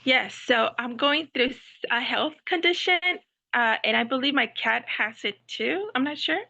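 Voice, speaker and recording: A woman's voice: high voice, normal speed, creaky. Hesitant woman caller on a dull line. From Houston, Texas. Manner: hesitant, many ums, soft laughs.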